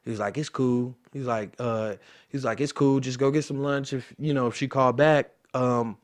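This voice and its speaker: A man's voice: mid-range voice, steady tone, normal speed. A young man in his twenties, an interview guest and football player, telling a story casually and acting out the voices of the people in it.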